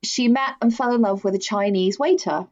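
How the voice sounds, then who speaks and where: Woman chatting on a true crime podcast, mid pitch, bit muffled audio. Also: normal speed, darkish tone. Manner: chatty, with frequent fillers and laughs. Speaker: podcast co-host.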